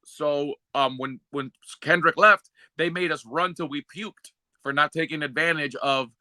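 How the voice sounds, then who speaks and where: A man's voice: a little high, a little slow, no echo. A man on a casual podcast, a co-host and former wrestler telling stories and acting out the other people in them. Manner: lively storyteller, acts out the other people in his stories.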